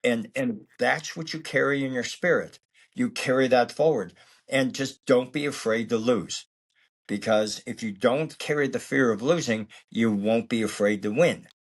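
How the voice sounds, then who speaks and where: A man who is a martial arts actor and instructor, speaking in a calm, reflective, philosophical way during a casual interview. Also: medium pitch, moderate pace.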